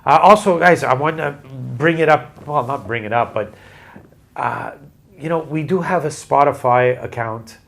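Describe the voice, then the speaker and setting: A man's voice: fairly high pitch, moderate pace, creaky, fairly bright tone. A man hosting a podcast over a video call, chatting casually in a rambling, joking, self-deprecating way. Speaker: podcast host. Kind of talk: casual chat.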